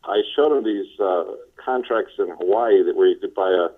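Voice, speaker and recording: A man from the Los Angeles area, a sales trainer being interviewed, telling his story in a relaxed way with many fillers. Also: deep voice, normal speed, slightly rough. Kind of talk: casual phone interview. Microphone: telephone. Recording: tinny phone line.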